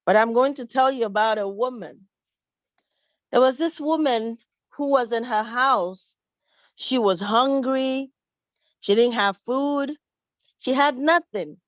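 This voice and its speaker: A woman with a somewhat high voice tells a story to children at church, lively and expressive. The sound is dull and dry, close with no room echo. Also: takes it slowly, pauses often.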